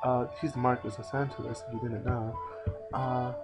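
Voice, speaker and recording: A man's voice: medium pitch, fairly even intonation, moderate pace, music in the background, poor audio. A man hosting a let's play, giving casual, sarcastic gameplay commentary and swearing freely.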